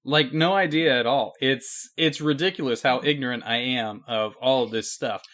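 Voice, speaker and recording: A man's voice: medium pitch, normal speed, fairly bright tone. A man co-hosting a casual podcast over a call, wry and self-deprecating. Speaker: podcast co-host. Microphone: remote video call.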